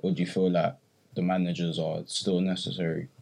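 A man's voice: sits low, level tone, a little fast, gravelly, a little mellow. A man co-hosting a podcast, asking thoughtful, slangy questions. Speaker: podcast co-host. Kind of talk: casual podcast chat.

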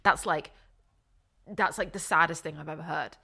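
A woman's voice: deep voice, steady tone, moderate pace, gravelly, pushed and bright, slightly rough. A middle-aged woman co-hosting a podcast, talking earnestly in casual chat and trailing off into restarts. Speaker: podcast co-host.

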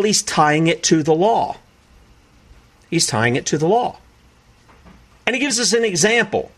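A man preaching commentary on played clips in an incredulous, animated way, often acting out other people's voices. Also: sits high.

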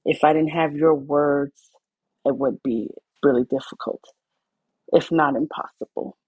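A woman's voice: sits low, fairly even intonation, measured pace, mellow, slightly rough, no echo, dull audio. A woman guest in a heartfelt conversation, speaking earnestly and emotionally. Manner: emotional, earnest, tearful at times.

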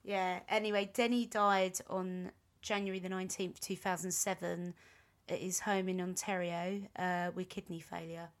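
A woman's voice: fairly low pitch, little pitch movement, moderate pace. A woman co-hosting a podcast, recounting a band's history in a rambling, chatty way full of ums and self-corrections. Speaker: podcast co-host.

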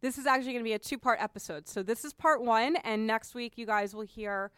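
A woman hosting a podcast in a studio, chatty and quick to laugh, often restarting her sentences. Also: fairly high pitch, fairly bright tone, clean tone, dry recording. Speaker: podcast host. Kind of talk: casual podcast chat.

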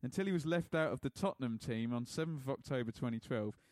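A man's voice: medium pitch, animated, fast talker, a little mellow, dry recording. A man co-hosting a podcast in casual chat, jokey and laughing often as he reads out listener messages. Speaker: podcast co-host.

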